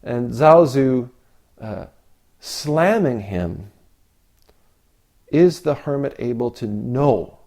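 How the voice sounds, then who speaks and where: A man giving a reflective Zen dharma talk, asking rhetorical questions with long pauses. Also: mid-range voice, lively intonation, darkish tone. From Canada. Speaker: Zen teacher.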